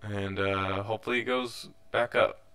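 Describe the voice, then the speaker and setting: Bright-voiced young man narrating gameplay. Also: fairly low pitch, fairly even intonation, normal speed, clean tone. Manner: rambling, self-correcting, mildly frustrated. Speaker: let's play host. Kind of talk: casual gameplay commentary.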